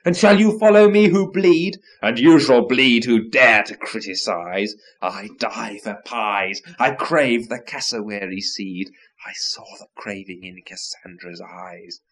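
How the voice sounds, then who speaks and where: A man reciting nonsense verse theatrically, swinging between loud declamation and low murmurs.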